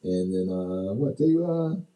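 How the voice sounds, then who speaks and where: A man co-hosts a casual radio show with a very dark, mellow voice that swings up and down a lot as he chats. He fills his talk with ums and uhs, and his voice rings with the echo of a small studio. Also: deep voice, takes it slowly. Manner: lively, chatty, laughs often, fillers like uh and um. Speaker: radio co-host doing sports.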